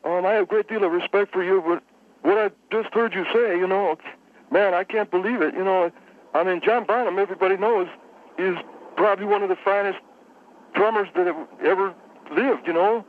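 A man voicing an earnest, deferential male caller who stubbornly defends his favorite drummer, halting and full of fillers. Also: high-pitched, narrow, tinny audio, voice pushed up, lightly acted. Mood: indignant. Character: earnest polite male caller, adult, indignant music fan.

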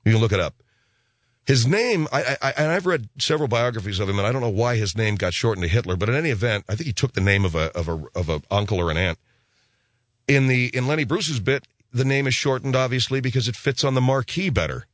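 A man's voice: medium pitch, expressive, fast, no echo. Rambling middle-aged male talk host. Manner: rambling, repeats words, restarts often. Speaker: radio show host. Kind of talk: casual chat answering listener mail.

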